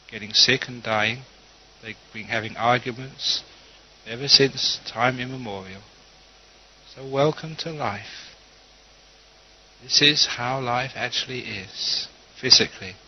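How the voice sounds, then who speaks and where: A man, a Buddhist teacher giving a calm, storytelling dharma talk with gentle humor. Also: medium pitch, slightly rough. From London. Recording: dull lo-fi recording.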